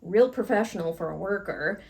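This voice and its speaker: A woman co-hosting a podcast, telling a workplace story in a frank, animated way and swearing casually. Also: medium pitch, moderate pace, gravelly. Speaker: podcast co-host.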